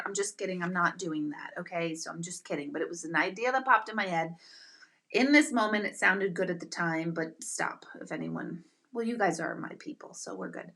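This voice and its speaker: A middle-aged woman with a mid-range voice hosts a live chat with her viewers. She tells stories in an animated, excitable way, breaking into loud exclamations.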